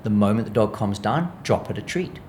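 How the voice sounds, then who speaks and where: A South African man, appearing as an animal behaviourist guest in an interview, explains dog training in a fairly low voice at a slightly quick pace. He's lively, acting out what dogs are thinking in different voices. A little hiss or hum runs through the audio.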